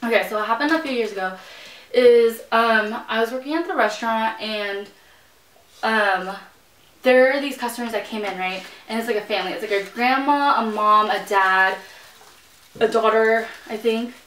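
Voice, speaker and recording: A woman's voice: on the high side, normal speed, fairly bright tone. A young adult woman hosting a vlog, chatting casually while eating, telling stories with acted-out quotes and frequent laughter. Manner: chatty storyteller, acts out quotes, laughs often. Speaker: vlog host. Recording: echoey room.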